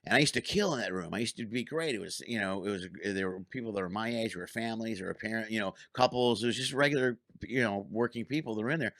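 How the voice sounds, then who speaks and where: A man with a low, gravelly voice rattles off comedy-club stories at a quick clip, swearing freely and acting out his own past reactions. The sound is dry and close, with no room around it. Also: no room sound. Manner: swearing, animated storytelling. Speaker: comedian podcast host. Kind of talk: casual storytelling chat.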